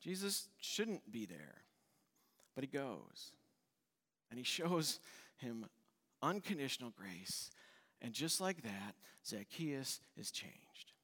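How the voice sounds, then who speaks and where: A man preaching a sermon as pastor, in a conversational way, acting out the quoted lines with shifts in pitch and volume. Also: very animated, slow pace, long pauses, bright, forceful tone, big-room sound.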